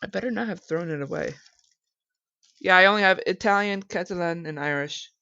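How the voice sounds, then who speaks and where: A woman's voice: lowish voice, fairly quick, pushed and bright, dry recording. Woman, casual game commentary, chatty, self-mocking, dry dull lo-fi sound. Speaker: gameplay commentator.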